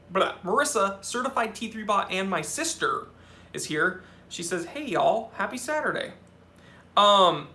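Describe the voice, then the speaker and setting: Young male host, bright tone, slightly high, chatty live Q&A delivery. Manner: chatty, answers questions off the cuff, talks to his cats. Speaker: watch channel host. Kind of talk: live-stream Q&A reading viewer comments.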